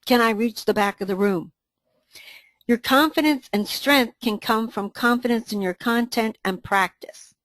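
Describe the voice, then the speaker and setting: A woman co-presenting a training webinar, reading a scripted dialogue in an even, instructive way. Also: a little high, measured pace, no room sound.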